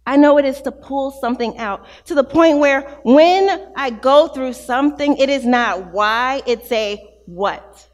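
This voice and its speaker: Female preacher, high voice, impassioned testimonial sermon, long hall echo. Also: a little slow, hardly any pauses. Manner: impassioned, testimonial, rising and falling between hushed and loud.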